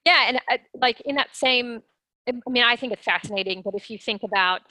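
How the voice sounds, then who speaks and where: A woman speaking as an interview guest, explaining things in an animated way and acting out her own inner voice. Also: fairly high pitch, a little fast, no echo, poor audio. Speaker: guest, sales development rep. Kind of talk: conversational interview.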